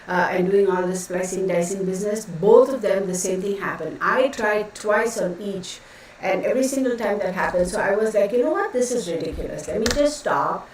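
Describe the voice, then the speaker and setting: A woman with a medium-pitched, slightly mellow voice hosts a tarot live stream from a home room, chatty and rambling as she greets viewers by name. The mic sits far from her, so her voice echoes heavily around the room, with a fan faintly humming in the background.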